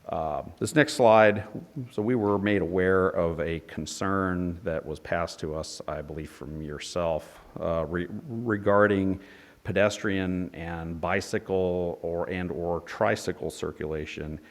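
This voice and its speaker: A man's voice: deep voice, steady tone, measured pace. A man presenting an engineering report at a public hearing, with many fillers and restarts. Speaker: engineer presenting a development project. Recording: long reverb in a hearing room.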